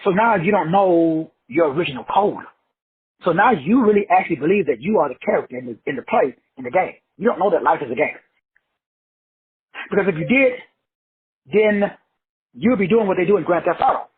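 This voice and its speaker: Over tinny, dry, phone-like audio, a man hosting a self-help show gives a blunt, preachy motivational monologue aimed straight at his listeners, swearing freely. His husky voice is high-pitched and expressive, fairly quick, with frequent pauses.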